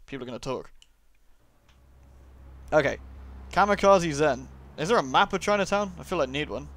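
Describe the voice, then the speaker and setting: A man's voice: on the high side, animated, moderate pace, a bit bright. Cheeky man narrating gameplay. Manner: chatty, cheeky, self-mocking asides. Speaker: let's play commentator. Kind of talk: casual gameplay commentary.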